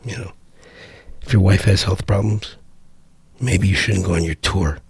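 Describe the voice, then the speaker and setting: Vlogger, middle-aged man, low gravelly husky voice, dry close sound, profane exasperated rant. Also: a little slow, no room sound. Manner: profane, exasperated, rambling with restarts. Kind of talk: ranting commentary vlog.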